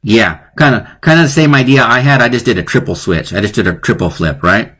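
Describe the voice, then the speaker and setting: A man's voice: mid-range voice, fairly quick, fairly bright tone, husky. A man hosting a live online lesson, playful and chatty, often chuckling at his own jokes. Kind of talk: casual live-streamed lesson.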